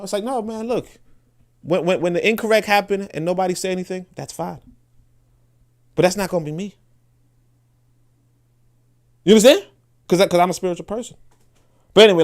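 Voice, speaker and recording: A man talks through a casual podcast monologue. He is blunt and profane, and he often restarts and repeats words as he thinks aloud. His voice sits slightly high for a man. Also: a little mellow. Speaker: podcast host.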